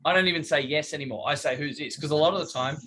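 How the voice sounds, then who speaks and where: A man's voice: a little high, very fast, a bit bright, slight background noise, rough recording. A middle-aged man, coaching a group over a video call in a chatty, joking way and acting out phone calls. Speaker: business coach.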